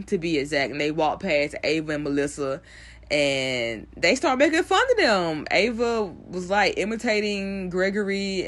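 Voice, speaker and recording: A young woman giving a blunt, animated recap of a TV episode, swearing freely. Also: lowish voice. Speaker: TV recap vlogger. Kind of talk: casual profane show recap.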